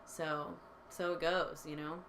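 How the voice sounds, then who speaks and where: A young woman hosting a casual chat, playful and quick to laugh, full of fillers. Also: low voice, level tone, background noise. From born in Texas. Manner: giggly, many fillers, playful. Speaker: podcast host.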